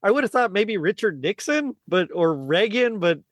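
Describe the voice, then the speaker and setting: A man's voice: high-pitched, sing-song, normal speed, a bit bright, no echo. A man appearing as a podcast guest who chats casually, agrees easily and laughs a lot. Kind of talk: casual chat.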